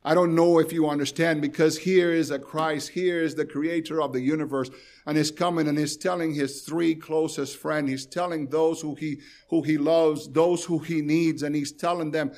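A man with a fairly high, slightly mellow voice preaches a sermon at a moderate pace in a steady tone. He pleads with intensity that rises and falls, addressing his listeners directly and repeating phrases for emphasis.

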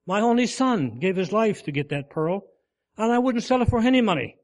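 Man reading as old pearl diver, earnest, pleading, sermon story, slightly high voice. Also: animated, fairly quick. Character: old male pearl diver, grave and devoted.

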